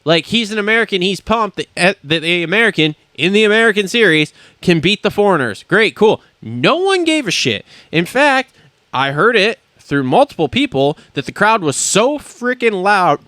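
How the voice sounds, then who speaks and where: A man's voice: sits high, sing-song, moderate pace, pushed and bright, no room sound. A man hosting a podcast from a studio, ranting in a blunt, profane and indignant way. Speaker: podcast host. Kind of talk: heated podcast rant.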